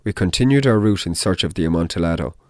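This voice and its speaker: Deep-voiced man reading a dark tale. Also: lively intonation, quick pace, dry recording, clean studio sound. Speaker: narrator. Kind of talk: dramatic audiobook reading.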